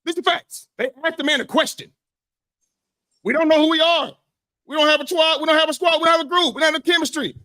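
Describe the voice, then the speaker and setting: A young man co-hosting a sports podcast, loud and insistent, arguing in a heated debate. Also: extremely high pitch, fast, no echo, studio quality. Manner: loud, insistent, says he always talks this way. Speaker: podcast co-host.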